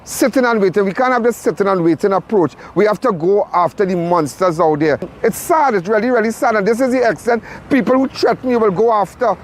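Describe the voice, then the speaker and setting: A man's voice: high voice, fast, few pauses. A man hosting a crime show, giving urgent, repetitive live commentary from a crime scene.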